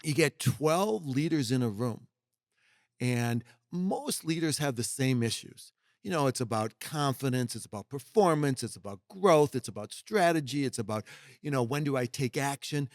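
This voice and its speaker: A man's voice: medium pitch, lively intonation, normal speed, dry recording, studio quality. A middle-aged man speaking as a podcast guest, emphatic and folksy, now and then acting out what other people say. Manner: emphatic, folksy, acts out quoted voices. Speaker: guest executive mentor. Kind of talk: podcast conversation.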